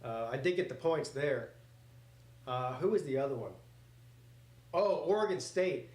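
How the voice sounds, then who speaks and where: A man hosting a casual live reaction stream, calling plays as they happen in a rambling, excitable way that slips into swearing. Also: medium pitch, measured pace. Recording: roomy echoey home setup.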